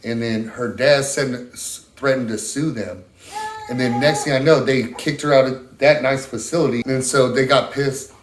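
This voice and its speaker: Middle-aged man, casual interview, halting, rambling, many restarts, average pitch, roomy echo. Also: steady tone, noisy background. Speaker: interviewee, husband of a stroke patient.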